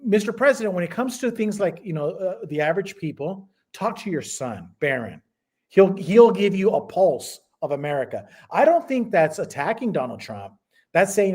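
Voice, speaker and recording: A man with a voice a little higher than most men argues his side in a heated political debate. He is emphatic and profane, and he often repeats words as he pushes his point. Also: very animated, normal speed, a little mellow, husky.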